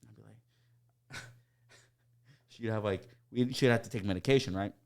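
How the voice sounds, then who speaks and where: A man hosting a casual chat, telling rowdy stories and acting out the people in them in loud, raised voices, with plenty of swearing and laughter. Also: unhurried, gravelly. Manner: animated storyteller, acts out coworkers in loud high voices, swears a lot, laughs often. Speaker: podcast host.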